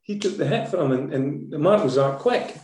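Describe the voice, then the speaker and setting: A Scottish man with a mellow, warm voice tells animated stories from his football management days, often ending sentences with "eh?". He is recorded in an echoey room. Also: on the high side, moderate pace. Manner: lively storyteller, tags sentences with "eh?". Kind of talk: anecdotal interview storytelling.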